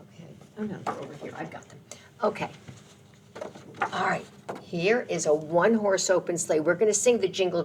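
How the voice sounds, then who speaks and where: A woman's voice: deep voice, vocal fry, a little hiss or hum. Sing-song woman reading to children. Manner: gentle, sing-song, with sound effects. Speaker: children's librarian. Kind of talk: children's storytime read-aloud.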